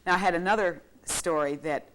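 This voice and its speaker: A middle-aged woman, a television reporter, telling lively anecdotes as a guest on a live broadcast and laughing through her words. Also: lowish voice, a little fast. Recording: faint clicks and noise, 1990s broadcast tape.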